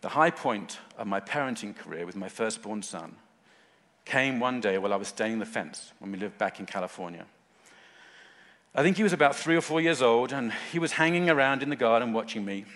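A man's voice: fairly low pitch, animated, brisk, fairly bright tone. A man preaching a sermon in short, earnest phrases, rising at times to fervent emphasis. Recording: long hall reverb.

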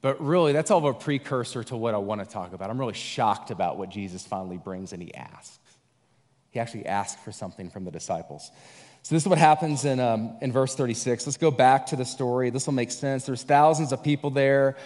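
A male guest preacher in a casual, joking sermon manner who now and then slips into the disciples' voices. His voice sits at an everyday middle pitch, and the sound rings with the long reverb of a large hall. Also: brisk, darkish tone. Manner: conversational, jokey, acts out the disciples' voices.

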